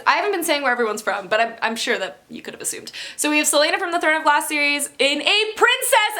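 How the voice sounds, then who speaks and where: A young woman talking to her vlog audience in a loose, chatty way, full of fillers and little laughs. Her voice sits a bit high and sounds bright. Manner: chatty, giggly, lots of fillers. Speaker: book vlogger. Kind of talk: casual vlog chat.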